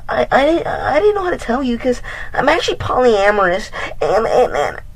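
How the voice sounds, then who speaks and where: A woman's voice: on the high side, wildly swooping pitch, moderate pace, breathy edge, voice pushed up, exaggerated voice, poor audio. A young man mimicking his flustered teenage ex-girlfriend, who stammers and pleads in a raised, girlish voice. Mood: flustered pleading.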